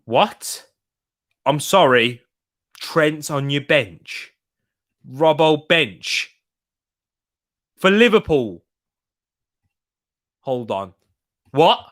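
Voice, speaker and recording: Excitable young man streaming football. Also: on the high side, extremely slow, long pauses. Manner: excitable, reacting loudly to chances. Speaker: football watch-along streamer. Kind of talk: live match watch-along commentary.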